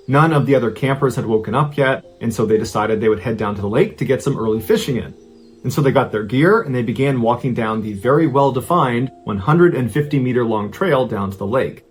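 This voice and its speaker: A man narrating a true disappearance story in a conversational, suspenseful way. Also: expressive. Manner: conversational, builds suspense with rising pitch and slow pauses. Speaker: storyteller host.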